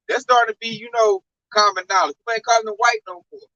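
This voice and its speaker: A man talking in a casual religious discussion, slangy and animated, telling stories. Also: high-pitched, quick pace, no room sound, dull audio.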